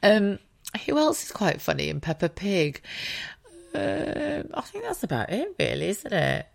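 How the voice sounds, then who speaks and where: A woman's voice: medium pitch, wildly swooping pitch, unhurried, vocal fry, dry recording, studio quality. A young mother chatting casually, laughing often and swearing freely. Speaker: podcast host, parent. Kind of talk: casual chat.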